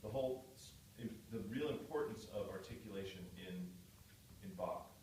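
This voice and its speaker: A man's voice: lowish voice, normal speed, darkish tone, a little hiss or hum. A man giving a patient one-on-one guitar lesson, explaining with repeated words. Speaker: guitar teacher. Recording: echoey room, distant mic, guitar playing.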